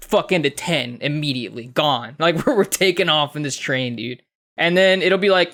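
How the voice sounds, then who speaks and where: A young man co-hosting a casual podcast, his voice bright and a touch high. He tells his story with animated energy, swears freely and mimics voices as he goes. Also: brisk. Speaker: podcast co-host.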